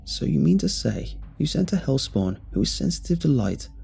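A man's voice: medium pitch, very animated, normal speed, vocal fry, warm tone, husky, faint music behind, voice pushed up, full character voice. A man voicing a playful, teasing young male friend in a spoken horror story. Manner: joking, teasing.

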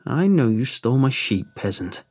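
A man voicing a cruel old hag woman who creaks and rasps, mock-gentle and cackling. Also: mid-range voice, very animated, normal speed. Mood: bargaining. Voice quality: creaking, rasping.

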